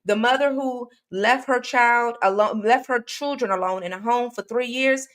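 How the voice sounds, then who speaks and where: Talking straight to her audience, this woman hosts a true crime livestream, rambling casually with plenty of fillers and restarts while reading out comments. She has a fairly high pitch and speaks at a normal speed.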